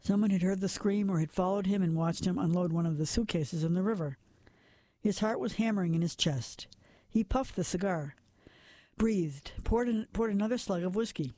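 A man reading a dark crime story as a measured narrator, sometimes dropping to a whisper at tense moments. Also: high-pitched, dry recording. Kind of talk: scripted noir narration.

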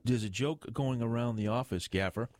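A man's voice: mid-range voice, moderate pace, a little mellow, close to an everyday voice. A man voicing a cheeky younger male police sergeant who teases his boss. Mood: teasing. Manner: teasing and jokey. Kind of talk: audiobook character voice.

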